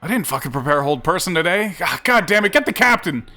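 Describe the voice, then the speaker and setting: A man voicing a panicked male town guard who shouts frantically for help. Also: big pitch swings, quick pace, faint music behind, exaggerated voice. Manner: frantic yelling, high and loud.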